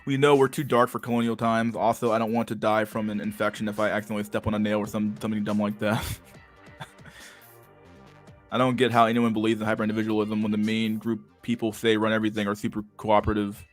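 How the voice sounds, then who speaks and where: A man's voice: on the low side, monotone, quick pace, soft background music. A young man hosting a livestream and reading chat, talking in a crude, slangy, casual way and laughing often.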